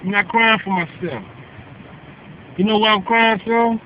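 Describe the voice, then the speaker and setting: A man's voice: high-pitched, fairly even intonation, measured pace, pitched above the performer's own voice. A man voicing a pleading old father in a folk tale he retells into a phone. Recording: muffled phone audio with faint outdoor noise.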